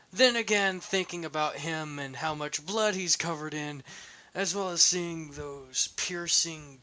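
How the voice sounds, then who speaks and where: A man's voice: a little high, bright, forceful tone. A man reading his own fan story aloud in a loose, conversational way, with restarts. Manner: slow, loose, unscripted-sounding narration.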